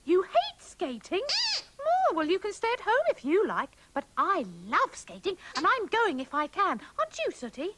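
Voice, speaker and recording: A woman's voice: extremely high pitch, big pitch swings, moderate pace. A woman voicing a chatty, bossy young female panda puppet who giggles and schemes. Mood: chirpy scheming. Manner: sing-song, giggly, scheming. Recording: hissy old VHS tape.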